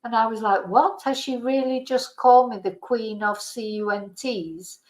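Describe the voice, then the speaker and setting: Woman, Manchester accent, middle-aged, chatty livestream host, laughs a lot, slightly high-pitched. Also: fairly even intonation, moderate pace, low-quality recording. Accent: Mancunian. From Manchester, England. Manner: chatty, laughs often, reads out viewer comments. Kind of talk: casual chat with viewers.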